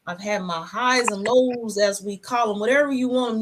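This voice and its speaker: A woman hosting a casual livestream from her home, talking in a relaxed, rambling, reflective way. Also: medium pitch, moderate pace, a little hiss or hum. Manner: talks with food in her mouth. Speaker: channel host.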